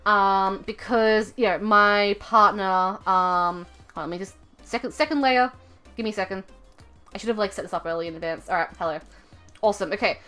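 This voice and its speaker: A young woman livestreaming from home, telling a rambling story full of fillers and self-corrections in a chatty, expressive way. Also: mid-range voice, brisk, soft background music. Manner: chatty and expressive, laughing at her own story. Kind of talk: casual livestream chat.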